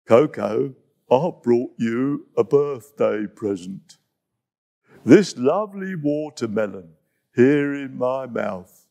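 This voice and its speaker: A man's voice: medium pitch, animated, gravelly, mellow. A man voicing a greedy male hippo who talks lazily, full of ums and uhs. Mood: lazy, smug. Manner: slow, lazy, with ums and uhs.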